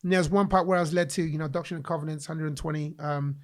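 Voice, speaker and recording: A man from England, a guest in a podcast interview, telling a personal story in an animated way and acting out the voices he quotes. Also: on the high side, rapid-fire.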